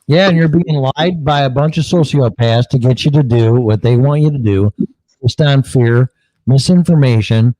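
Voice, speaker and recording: A man's voice: a little high, a little mellow, low-quality recording. A man co-hosting an online talk show, ranting bluntly and mockingly with plenty of swearing. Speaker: co-host. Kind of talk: angry political rant.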